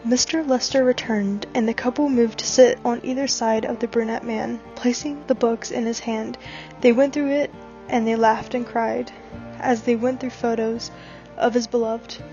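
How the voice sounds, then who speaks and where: Expressive woman reading fan fiction. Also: on the high side, normal speed. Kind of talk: dramatic story reading. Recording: dull recording with background music.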